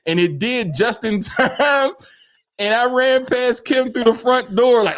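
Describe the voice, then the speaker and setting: A man co-hosting a podcast, telling a story in casual chat, animated, acting out quotes and laughing often. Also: very high voice, a little slow. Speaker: podcast co-host.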